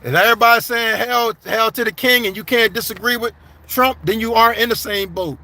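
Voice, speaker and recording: A man's voice: very high-pitched, brisk, pushed and bright. A man doing casual live-stream commentary, reading viewer comments aloud and answering them bluntly. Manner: blunt, conversational, addresses viewers as y'all and man. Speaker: livestream commentator.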